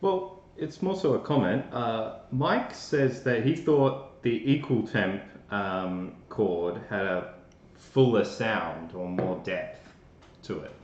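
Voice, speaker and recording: A man with an Australian accent reading viewer comments aloud during a live stream, in a relaxed way. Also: on the low side, takes it slowly, few pauses. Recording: roomy dull live-stream audio.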